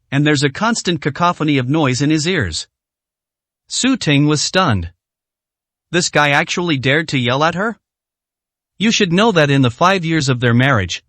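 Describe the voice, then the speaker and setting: A man reads a dramatic story aloud in a scripted narration, voicing every part himself. His voice sits a little high and moves about a lot in pitch. The sound is dry and close, with no room echo. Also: big pitch swings, moderate pace, fairly bright tone.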